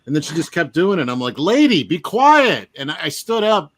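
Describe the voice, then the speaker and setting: A man's voice: a little high, expressive, quick pace, no echo. A man co-hosting a casual podcast chat, laughing often and telling anecdotes. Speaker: podcast co-host.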